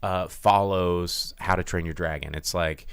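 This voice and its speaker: A man's voice: deep voice, steady tone, unhurried, clear, resonant tone, no room sound. A man hosting a casual movie review chat, rambling with lots of fillers and restarts. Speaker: podcast host.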